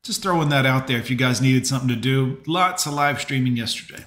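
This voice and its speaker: Chatty dude rambling on a podcast, echoey room, middle pitch. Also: male voice, a little fast, fairly bright tone. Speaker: podcast co-host and streamer. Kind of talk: casual chat. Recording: roomy echo.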